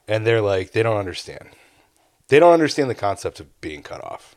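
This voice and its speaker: A man with a fairly low voice tells a story over casual podcast chat. He acts out the people in it with plenty of swearing. The sound is dry and close, with no room echo. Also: a little fast. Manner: animated storyteller, acts out bar dialogue with profanity. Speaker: podcast co-host.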